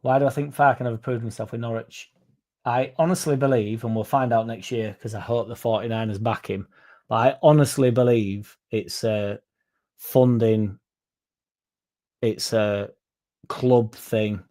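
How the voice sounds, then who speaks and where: Bloke on a fan stream, warm mellow voice, rambles and swears reading the chat. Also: male voice, medium pitch, steady tone, a little slow. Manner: rambling, swears casually, reads viewer comments aloud. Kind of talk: casual live-stream chat.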